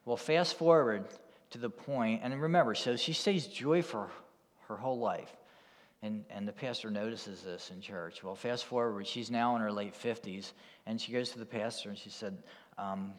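A man's voice: lowish voice, moderate pace, long reverb tail. A man preaching a sermon as a pastor, telling a story in a conversational way. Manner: storytelling, conversational with "you know" asides. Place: church.

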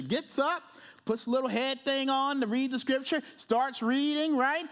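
A man's voice: very high-pitched, normal speed, fairly bright tone. A man pastor preaching a sermon in a church service, emphatic and conversational, who repeats phrases and keeps asking "right?".

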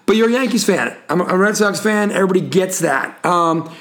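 A man's voice: sits high, lively intonation, fairly quick, fairly bright tone. A man hosting a casual sports podcast, chatty and rambling, with frequent fillers and asides. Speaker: podcast host.

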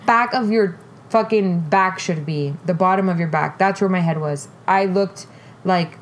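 Speaking at a measured pace in a fairly low voice, the young adult podcast host relays a dating story. Her casual telling is candid and profane, and she animatedly voices the people she quotes.

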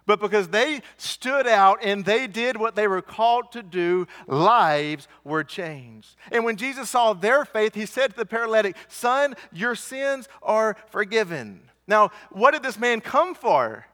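A man's voice: high-pitched, expressive, unhurried, few pauses, pushed and bright. A man preaching a sermon in an earnest way, asking rhetorical questions and repeating lines for emphasis. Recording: church hall reverb.

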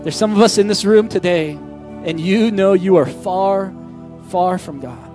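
High-voiced man preaching with fervor. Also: a little slow. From Korea. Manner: impassioned, pleading preaching that swings between soft and shouting. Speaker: pastor. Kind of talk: sermon. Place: church hall. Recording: dry close mic, faint music behind.

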